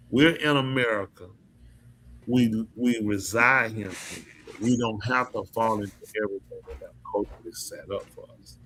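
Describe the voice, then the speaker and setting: A man's voice: on the low side, pushed and bright, breathy edge. A man hosting a podcast, talking in a casual, emphatic and preachy way, often asking his listeners questions. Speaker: podcast host. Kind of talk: casual opinion talk.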